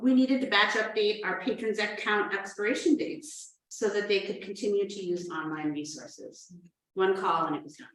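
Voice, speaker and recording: A woman's voice: medium pitch, steady tone, moderate pace, fairly bright tone, far from the mic. A woman from New Hampshire, giving an earnest conference talk as a librarian, telling stories with playful asides. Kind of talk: prepared conference presentation. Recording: roomy, echoey from off the mic.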